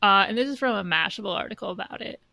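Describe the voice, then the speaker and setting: A woman's voice: medium pitch, lively intonation, rapid-fire, gravelly, bright, forceful tone, no room sound. A woman co-hosting a podcast, blunt and sweary in casual chat. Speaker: podcast co-host.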